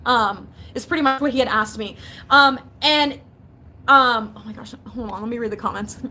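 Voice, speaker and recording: A woman's voice: on the high side, moderate pace, sharp tone, a little hiss or hum. A young woman in casual livestream chat from her basement, chatty and giggly, reading out viewers' comments. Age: young adult. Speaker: vlogger.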